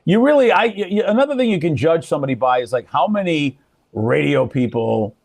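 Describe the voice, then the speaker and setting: A man's voice: fairly high pitch, fairly quick, creaky, no room sound. An older man, a radio personality, telling stories in casual conversation and acting out the people he quotes. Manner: animated storyteller, acts out quoted people.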